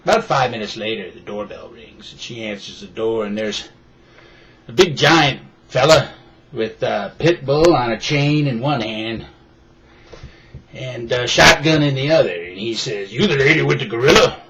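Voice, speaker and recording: A man telling a long joke casually, rambling and halting with fillers. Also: medium pitch, animated, muffled recording, heavy background noise. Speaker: joke teller.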